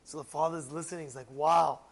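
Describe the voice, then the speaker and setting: A man telling a story to his listeners in an excited sermon, repeating and restarting phrases. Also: high voice, moderate pace.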